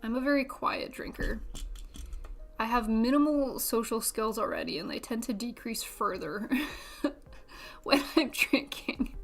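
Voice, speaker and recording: A woman's voice: a little high, lively intonation, slow, long pauses. A young woman streamer chatting casually and self-deprecatingly while building a model kit, laughing often.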